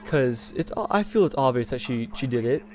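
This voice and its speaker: A man's voice: medium pitch, lively intonation, moderate pace, faint music behind. A young man hosting a gaming channel, talking in a rambling, indignant rant with many restarts. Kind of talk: casual opinion rant over gameplay.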